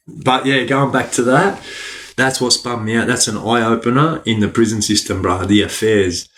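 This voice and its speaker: Slow-talking Australian man reading chat. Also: mid-range voice, fairly bright tone. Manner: slangy, laughs often, greets viewers by name. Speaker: livestream host reading chat. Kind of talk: casual livestream chat.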